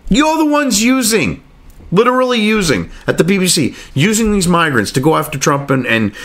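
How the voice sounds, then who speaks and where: A man with a high, animated voice rants angrily and sarcastically, and he swears freely. He breaks off from reading news aloud to argue with it, and his pitch jumps all over the place. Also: vocal fry. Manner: angry, profane, sarcastic ranting. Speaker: political commentary host.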